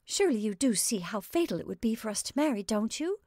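A woman's voice: on the high side, sing-song, quick pace, a little mellow, no room sound, clean studio sound. A woman voicing an earnest, anxious young woman in a storybook reading, speaking in a pleading way.

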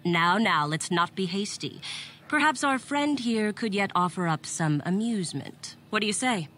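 A woman's voice: medium pitch, lively intonation, normal speed, fairly bright tone, slight background noise, lightly acted. An actress voicing a cruel, haughty female Sith bully who taunts in a mocking way. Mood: threatening.

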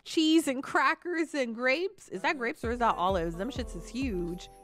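A woman giving casual gameplay commentary, excitable and quick to squeal and swear. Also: on the high side. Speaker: gaming channel host.

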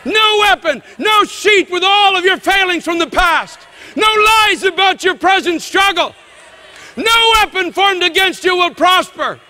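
A male pastor preaches with fervent, shouted conviction. His voice sits very high and bright, and it rings out with long reverb through a large church. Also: animated, unhurried. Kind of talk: sermon.

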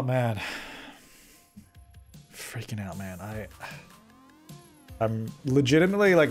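A man hosting a gaming video, giving excitable let's play commentary, fretting aloud and talking at the characters on screen. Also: mid-range voice. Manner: excitable, frets aloud and talks at the game characters.

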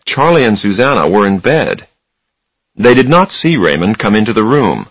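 A man narrating a story for English learners in a slow, deliberate, expressive way. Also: fairly low pitch, breathy edge, no room sound, dull audio.

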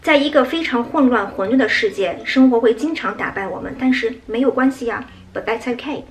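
A woman English teacher explaining English phrases in a brisk, explanatory way and acting out example lines. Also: fairly high pitch, faint music behind. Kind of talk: explaining English usage in Mandarin.

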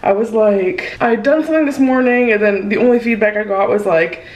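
A young woman with a croaky, congested sick voice, chatting casually and self-mockingly in a vlog. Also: fairly high pitch, expressive, normal speed, hardly any pauses, a little mellow, low-quality recording. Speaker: vlogger. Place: car and home.

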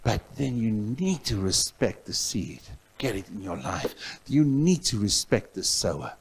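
A male pastor from South Africa preaching a sermon in a church, telling a story with loud outbursts that drop to soft asides. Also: fairly low pitch, very animated, a little slow, husky.

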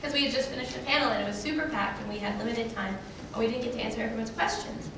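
A woman telling a lively story at a convention Q&A panel, acting out the voices of the people in it and laughing often. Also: racing. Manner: animated, acts out quotes in high voices, laughs often. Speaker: panel guest. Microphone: recorded by a camera in the audience. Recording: roomy hall from far off with crowd noise. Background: audience ambience.

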